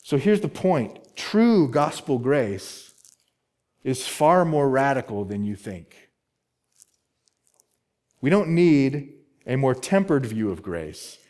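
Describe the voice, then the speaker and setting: A man's voice: medium pitch, sing-song, slow, long pauses, a little mellow. A male pastor preaching an expository sermon, emphatic, repeating key words and asking rhetorical questions.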